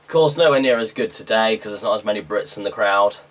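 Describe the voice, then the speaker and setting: A man's voice: fairly low pitch, fast talker, a bit bright. A young British man giving a casual, opinionated recap of a wrestling show, full of ums and uhs. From Britain. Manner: chatty, opinionated, with frequent "um" and "uh".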